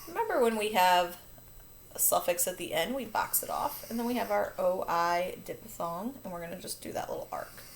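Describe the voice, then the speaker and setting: A woman's voice: on the low side, expressive, moderate pace, creaky, a little hiss or hum. A woman teacher walking children through a phonics lesson, upbeat and patient, catching and fixing her own slips. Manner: upbeat, patient, self-correcting.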